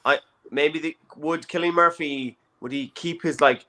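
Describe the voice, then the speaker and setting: A man's voice: a little high, a little slow. A man in casual comedic chat who swings between ideas and silly voices. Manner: animated, jumps into silly voices.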